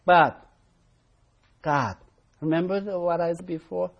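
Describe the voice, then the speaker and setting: A teacher leads a Bible study, speaking with a husky, slightly breathy voice. Key words and verse references come back again and again for emphasis, and students are invited to read aloud between points. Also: mid-range voice, animated, normal speed, long pauses, lo-fi sound. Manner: calls on class members to read aloud.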